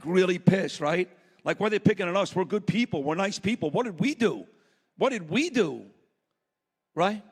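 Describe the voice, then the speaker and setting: A man with a notably high voice speaks bluntly and with fire to a summit audience. His talk is plain and punchy, rallying the room. Long reverb of a big conference hall trails each line. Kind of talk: impassioned speech to a live audience.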